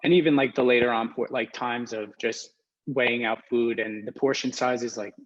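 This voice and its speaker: Soft-spoken young man, hesitant. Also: medium pitch, fairly even intonation, moderate pace, muffled recording. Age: 20s. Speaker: podcast guest. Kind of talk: casual interview.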